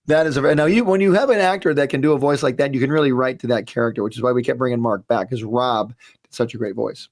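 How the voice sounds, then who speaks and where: A man in casual reaction commentary on his own cartoon, with a mid-pitched, ordinary voice. He tells stories about making the show in a chatty, rambling way, full of ums and restarts. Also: quick pace, darkish tone.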